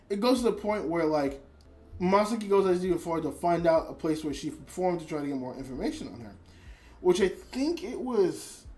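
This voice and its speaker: With a medium-pitched, darkish voice, someone gives a rambling, casual anime review packed with fillers, restarts and casual swearing. They sound emotionally invested, trailing off and starting again.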